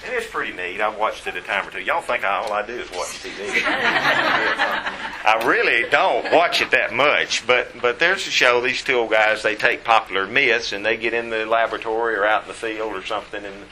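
A man's voice: fairly low pitch, brisk, hardly any pauses, noisy background. A man teaching a Bible class in a folksy, rambling way.

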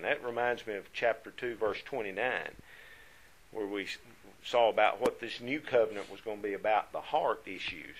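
A man of middle pitch leads a Bible study class. He talks in an earnest, conversational way and leans harder into the verses he reads aloud. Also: expressive, normal speed, fairly bright tone, rough recording. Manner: earnest, rises in volume when reading scripture.

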